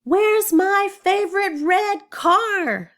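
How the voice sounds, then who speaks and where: A woman doing a whiny, shouting little boy. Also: mid-range voice, expressive, normal speed, close to an everyday voice. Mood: yelling. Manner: whining, shouting. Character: whiny young boy, quick to yell.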